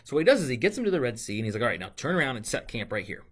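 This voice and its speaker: A man's voice: medium pitch, sing-song, very fast. Man, pastor, casual sermon, keeps asking "right?", mocking voices for the complainers. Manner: conversational, asks "right?" often, acts out complaints in a mocking voice.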